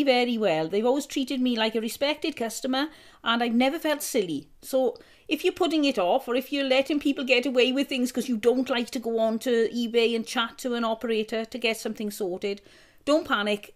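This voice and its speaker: Reassuring woman podcast co-host, higher voice. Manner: earnest, reassuring, storytelling. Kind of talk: casual chat.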